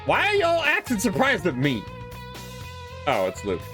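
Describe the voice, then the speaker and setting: A man's voice: high voice, wildly swooping pitch, unhurried, sharp tone, soft background music. A man streaming himself reading a visual novel aloud, chatty, swearing casually and reacting to the story.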